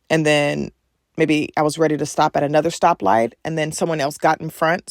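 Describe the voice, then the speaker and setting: A woman's voice: sits low, creaky, dry recording, studio quality. A young woman hosting a podcast, chatting through a personal story, addressing her listeners directly and turning a little emotional. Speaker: podcast host.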